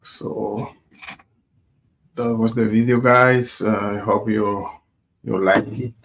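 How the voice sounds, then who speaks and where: A man from Colombia, narrating a casual vlog in English and pausing often between words. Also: lowish voice, fairly even intonation, a bit bright, a little hiss or hum. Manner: hesitant, many filler pauses. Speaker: vlogger.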